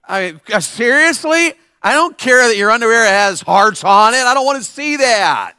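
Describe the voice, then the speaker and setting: A man preaching a lively sermon to young people, acting out the people in his stories. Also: very high-pitched, moderate pace, clean tone, dry recording, clean studio sound. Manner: animated, mimics people. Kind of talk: youth sermon. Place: church service.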